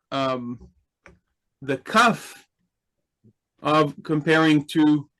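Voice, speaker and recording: A man's voice: on the high side, fairly bright tone, poor audio. A man teaching a class in a patient, explanatory way, asking his students questions. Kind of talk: slow, deliberate Hebrew grammar lesson.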